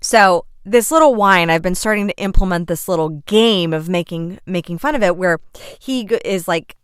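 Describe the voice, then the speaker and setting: Smooth-voiced woman telling a lively story. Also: lowish voice, normal speed, no echo, studio quality. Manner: animated, vivid storyteller who acts out scenes; chatty, many fillers and self-corrections. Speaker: podcast host and coach. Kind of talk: casual storytelling monologue.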